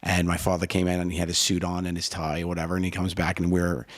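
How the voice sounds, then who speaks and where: Fast-talking man in his forties. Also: low voice, completely flat delivery. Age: 40s. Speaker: podcast co-host. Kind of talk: casual podcast chat.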